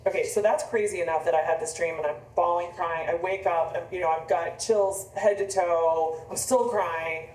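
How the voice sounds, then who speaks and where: A woman's voice: lowish voice, fairly even intonation, normal speed, hardly any pauses, a little mellow. A woman in her fifties, an author, telling a personal story in a rambling, conversational way with frequent restarts. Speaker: author on book tour. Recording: echoey room, mic from a distance.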